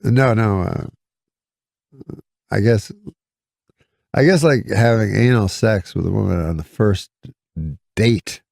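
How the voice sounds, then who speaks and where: Gravelly deadpan man telling a story. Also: fairly low pitch, dry recording, clean studio sound. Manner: deadpan, rambling, halting restarts. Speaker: comedian guest. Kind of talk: casual storytelling on a podcast.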